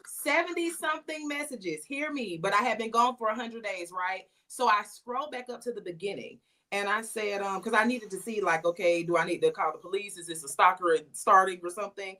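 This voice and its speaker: Animated woman telling her story. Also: medium pitch, fairly quick. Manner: animated, acts out quoted lines. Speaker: interview guest. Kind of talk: casual storytelling.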